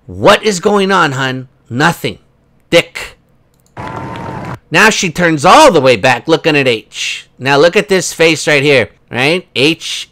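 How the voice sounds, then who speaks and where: A man's voice: on the high side, sharp tone, a little hiss or hum. A man hosting a casual commentary video, rambling and sarcastic, with many fillers. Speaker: host.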